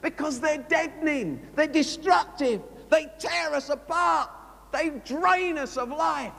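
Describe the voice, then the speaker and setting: A man preaching a sermon, telling a story with lively storytelling and acting out both sides of a conversation. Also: very high voice, slow, vocal fry. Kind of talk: sermon anecdote. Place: large conference hall. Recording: long hall reverb from a live conference.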